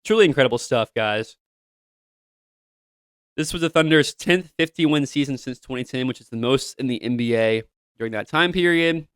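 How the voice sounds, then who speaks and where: Young guy doing his sports show, super hyped fan energy, smooth clear voice, dry close mic. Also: mid-range voice, moderate pace, no room sound. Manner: animated, hyped fan delivery with frequent asides to listeners. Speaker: show host. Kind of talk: solo sports podcast talk.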